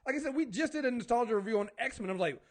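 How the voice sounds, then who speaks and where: A man's voice: very high-pitched, animated, racing. A man hosting a talk show, chatting casually and ranting with lots of profanity and acted-out exchanges. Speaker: podcast host. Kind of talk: casual chat.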